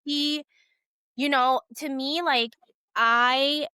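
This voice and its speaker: Bright, earnest woman podcast co-host. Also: high-pitched, fairly even intonation, drawn-out words, no room sound. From Cuban family background. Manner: earnest, emphatic, many "like" fillers. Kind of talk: casual podcast conversation.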